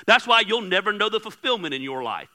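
A man preaching a sermon, candid and joking with his congregation, swinging between soft asides and loud emphatic bursts. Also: sits high, very animated, brisk. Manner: candid, joking, talks straight to the crowd. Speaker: pastor. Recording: hall reverb.

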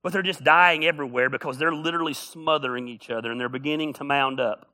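A male pastor preaching a sermon, telling stories with humor and building up to shouts. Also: on the high side, quick pace.

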